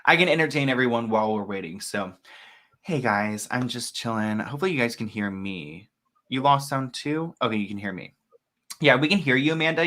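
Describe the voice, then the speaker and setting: A man's voice: mid-range voice, bright, forceful tone. A man hosting a casual live stream, chatting in a rambling way and greeting viewers by name. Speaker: host.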